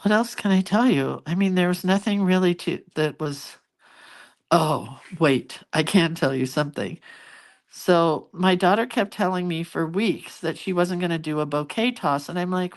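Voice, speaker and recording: Middle-aged woman host, casual rambling chat, slightly low voice. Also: moderate pace. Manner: rambling, chatty, with many fillers and restarts. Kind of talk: casual chat to live viewers.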